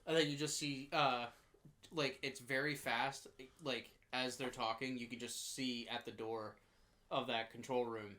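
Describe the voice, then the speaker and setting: A man's voice: mid-range voice, fairly even intonation, measured pace, bright, forceful tone. A man casually recapping a horror movie on a podcast, rambling and laughing often, jumping into raised voices to quote characters. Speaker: podcast co-host.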